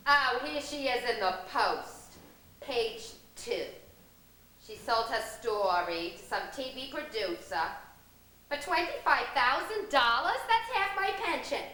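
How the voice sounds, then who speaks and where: A woman's voice: sits high, big pitch swings, sharp tone, roomy sound, exaggerated voice. Woman playing a brash older woman. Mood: gossiping. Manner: brash, scolding, quick-tempered. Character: loud gossipy older Puerto Rican woman minding a child. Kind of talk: one-woman stage comedy. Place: theater stage.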